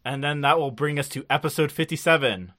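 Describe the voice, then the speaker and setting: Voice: mid-range voice, brisk, fairly bright tone. A podcast co-host recapping episodes in casual chat, rambling with lots of filler words and frequent laughs.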